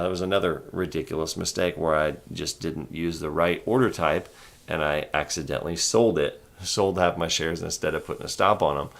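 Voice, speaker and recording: A man hosting a stock trading livestream in casual chat. He speaks calmly and rambles, with little inflection. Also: creaky. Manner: calm, low-key, rambling delivery with little inflection.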